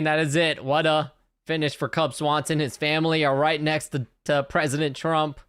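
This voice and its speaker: A man hosting a livestream watch party, giving casual, excitable play-by-play of a fight and swearing freely. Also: on the high side, moderate pace, clean tone. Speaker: livestream host.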